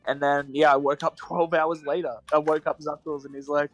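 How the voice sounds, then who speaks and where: A man's voice: on the high side, level tone, brisk, lo-fi sound, soft background music. A young man casually telling a rambling, laugh-filled story as a podcast co-host. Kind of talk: casual chat.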